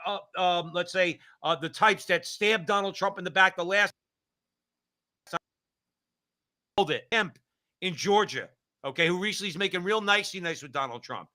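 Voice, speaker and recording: A man's voice: high-pitched, normal speed, long pauses, pushed and bright. A man co-hosting a political talk show, speaking emphatically and repeating phrases for stress. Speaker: co-host.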